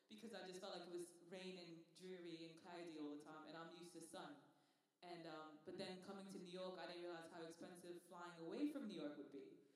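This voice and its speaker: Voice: medium pitch, fairly even intonation, brisk. A guest from England with a Manchester accent, chatting in an interview with lots of "um" and "like" fillers. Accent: Manchester English. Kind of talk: casual interview talk. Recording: echoey hall, distant mic.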